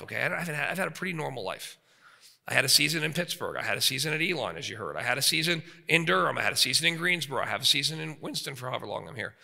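A man's voice: medium pitch, creaky, bright, forceful tone. A man in his forties preaching an emphatic sermon, often checking in with his listeners. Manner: emphatic, frequent rhetorical checks with the audience. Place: seminary chapel. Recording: reverberant hall.

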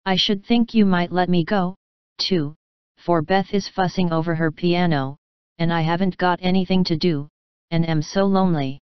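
A coaxing, spoiled little sister who pleads and whines to get her way, read by a woman. The voice sits low, very smooth and clear, dry and close, on slightly dull audio. The reading keeps a storybook feel. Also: steady tone, moderate pace, no room sound, close to an everyday voice. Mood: pleading. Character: whiny spoiled youngest sister, a young girl.

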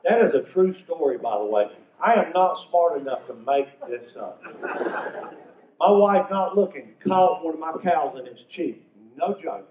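A man's voice: fairly high pitch, animated, measured pace, a little hiss or hum. An older man from North Carolina, telling stand-up comedy stories in a folksy way. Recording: echoey venue from far off, muffled.

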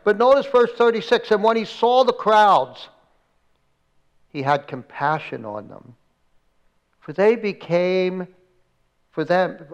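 High-voiced male pastor preaching dramatically. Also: lo-fi sound. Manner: dramatic storytelling, acting out quoted prayers with rising intensity. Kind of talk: sermon. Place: church, recorded for an online service.

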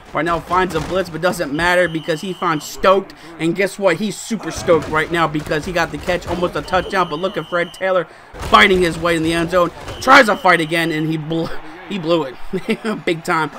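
A young man giving excited, animated commentary over his own football video game, exclaiming and groaning at each play. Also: high voice. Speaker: gaming YouTuber.

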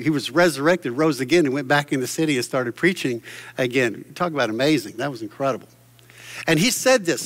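A man's voice: on the high side, a bit bright. Fervent male preacher in echoing church. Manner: fervent, exclamatory preaching with many restarts. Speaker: pastor. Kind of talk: sermon. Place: church stage.

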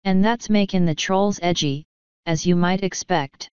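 A woman voicing an earnest older male police sergeant who drops his g's and speaks in rough, plain grammar. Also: lowish voice, measured pace, darkish tone, no echo, dull audio, natural voice. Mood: worried.

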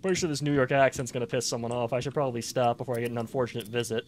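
A man's voice: mid-range voice, steady tone, rapid-fire, a little hiss or hum. A man hosting a let's play, chatting and cracking profane jokes as he plays. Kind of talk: gaming commentary.

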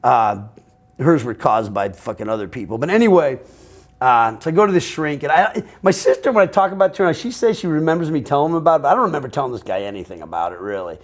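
A man's voice: fairly high pitch, fast talker. A middle-aged American man telling his own story in an interview, rambling and profane, often quoting other people. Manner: profane, rambling, animated, quotes others in voices. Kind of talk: candid personal storytelling.

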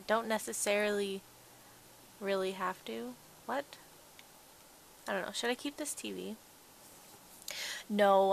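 Chatty woman with a gravelly voice. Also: medium pitch, a little hiss or hum. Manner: chatty, rambling, talks to her game characters. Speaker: gaming channel host. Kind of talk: casual let's play commentary.

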